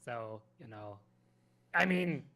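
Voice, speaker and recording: A man's voice: mid-range voice, lively intonation, slow, pushed and bright. A man with a non-native English accent playing a tabletop game, playful and giggly, grumbling in character. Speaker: player. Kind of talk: tabletop role-play.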